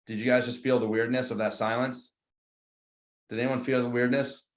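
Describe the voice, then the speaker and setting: A man's voice: mid-range voice, little pitch movement, normal speed. Casual man training a team in a roomy space. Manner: casual, slangy, acts out both sides of phone calls. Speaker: real estate team trainer. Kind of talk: live team training talk. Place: meeting room with a group. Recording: roomy echo.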